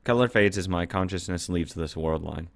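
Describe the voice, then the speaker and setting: Low, dry-voiced man narrating a visual novel aloud; plain reading with sudden cursing asides. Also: normal speed, vocal fry, no echo. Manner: reads narration plainly, breaks off to swear and react. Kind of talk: reading game text aloud with reactions.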